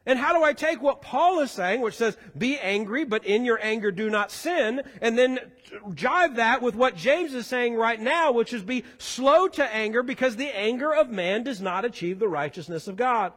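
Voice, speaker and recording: A man's voice: very high-pitched, expressive, moderate pace, hardly any pauses, fairly bright tone. A man preaching a sermon as pastor in a church sanctuary, talking in a conversational, joking way. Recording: echoey hall.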